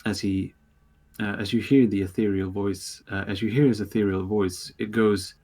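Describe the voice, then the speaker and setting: A man narrating a tabletop game as game master, pausing often with fillers and restarting his sentences. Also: fairly low pitch, level tone, darkish tone. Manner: halting, lots of filler words and restarts.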